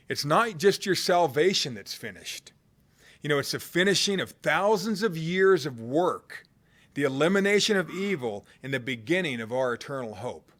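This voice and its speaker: A man preaching a sermon in a conversational way, swinging from loud cries to hushed low tones. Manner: conversational, with fillers and restarts.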